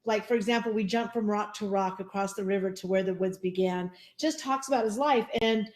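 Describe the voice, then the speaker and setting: A woman's voice: medium pitch, brisk, echoey room. A woman who teaches, sharing a picture book over a video call in an eager, chatty way. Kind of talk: casual sharing in a class discussion.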